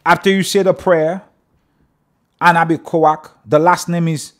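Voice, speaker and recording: High-voiced man teaching and reciting prayer. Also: animated, normal speed. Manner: reads prayer lines then explains them, emphatic. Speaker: religious teacher. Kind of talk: sermon with read-aloud prayer.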